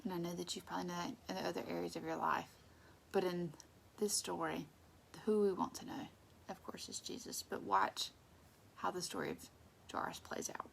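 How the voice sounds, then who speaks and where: A woman with a lowish voice and a gravelly fry teaches a Bible study in a relaxed, conversational way. She stresses key points and drops to soft, near-whispered asides. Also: normal speed, a little hiss or hum.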